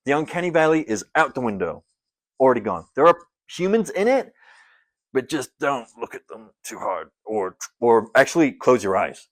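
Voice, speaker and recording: A young man with a mid-pitched, ordinary voice rambles casually through a movie-ranking vlog. He wanders between thoughts, then punches the countdown numbers with mock-dramatic flair. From Scotland. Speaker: film reviewer.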